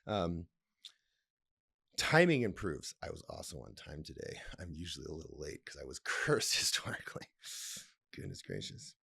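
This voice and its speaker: A man's voice: very deep voice, huge pitch swings, moderate pace, creaky, pushed and bright, breathy edge. A man hosting a solo podcast, reading text aloud and breaking off to comment, laugh and swear in a playful, rambling way. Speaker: podcast host. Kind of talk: casual solo podcast talk.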